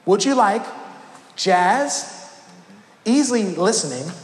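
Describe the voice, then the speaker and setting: A man's voice: high-pitched, lively intonation, slow pace. A man imitating a polite, scripted automated phone-menu voice in an echoey hall. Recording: echoey hall with background noise.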